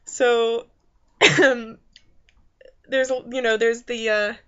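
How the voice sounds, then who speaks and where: A woman's voice: on the high side, steady tone, extremely slow, clean tone, muffled recording. A woman giving a casual spoken movie review, rambling with many fillers and restarts. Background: faint background noises.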